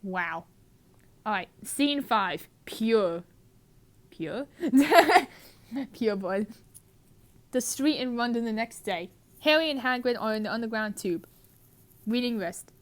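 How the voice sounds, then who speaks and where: Brief: giggly woman narrating a silly script, slightly high-pitched. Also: animated, unhurried. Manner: laughs constantly. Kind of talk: amateur comedic script reading.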